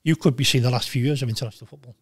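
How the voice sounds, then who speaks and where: An older man in his sixties, talking bluntly and with lots of swearing in a casual interview, telling animated stories. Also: medium pitch, very fast, breathy edge, no room sound, studio quality. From Wales. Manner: blunt, profane, animated storytelling. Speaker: guest, former goalkeeper.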